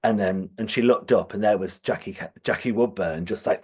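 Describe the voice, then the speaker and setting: A man's voice: fairly low pitch, fast talker, few pauses, breathy edge. A man co-hosting a podcast, telling stories with enthusiasm and frequent laughter. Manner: enthusiastic storytelling, often laughing. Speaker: podcast co-host. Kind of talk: casual chat.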